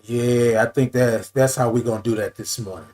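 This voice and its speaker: On a casual morning live stream, a male host greets viewers by name with long, sung-out hellos and says "y'all" constantly. He repeats phrases and fiddles with his camera while talking. His medium-pitched voice is steady and a little mellow.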